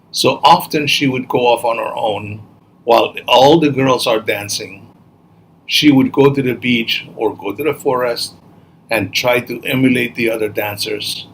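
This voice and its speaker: A man narrating a children's story at a slow, unhurried pace with a gentle, expressive delivery. His voice sits at an ordinary male pitch, and a faint ambient hiss runs underneath. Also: low-quality recording.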